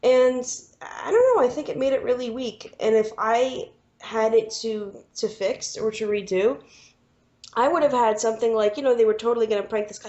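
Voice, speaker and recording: A woman's voice: fairly high pitch, brisk, warm tone. A woman co-hosting a podcast in casual chat, rambling and acting out film scenes with lots of "you know". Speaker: podcast co-host. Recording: dull lo-fi podcast sound.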